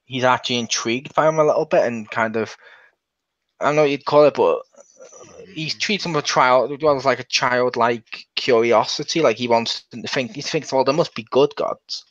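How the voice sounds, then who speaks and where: A man's voice: mid-range voice, normal speed, fairly bright tone. A man hosting a casual game review, rambling along and restarting his sentences. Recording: dull lo-fi.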